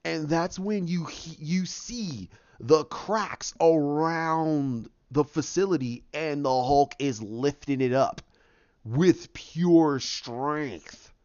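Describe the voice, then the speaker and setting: A man hosting a podcast, eagerly retelling a story in a fast, animated way with frequent restarts. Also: fairly high pitch, clean tone, dry recording. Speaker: podcast host. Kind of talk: excited casual retelling. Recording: dull, dry lo-fi audio.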